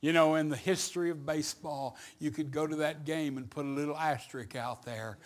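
A middle-aged man preaching a sermon, telling a story with building energy and sudden shouts. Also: fairly high pitch, normal speed, few pauses. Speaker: evangelist preacher.

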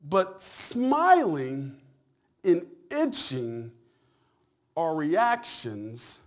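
A man preaching a sermon, swinging between loud, drawn-out cries and hushed whispers. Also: fairly high pitch.

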